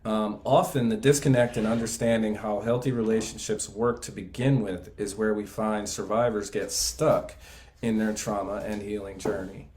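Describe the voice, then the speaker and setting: A man co-hosting a live class, reading passages from a book aloud in a measured way. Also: lowish voice, steady tone, a little mellow, slight background noise. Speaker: class co-host.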